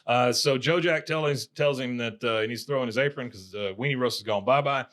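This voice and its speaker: A man's voice: medium pitch, a little fast, fairly bright tone. A man co-hosting a podcast, recapping a cartoon episode in a chatty way and laughing often. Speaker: podcast co-host.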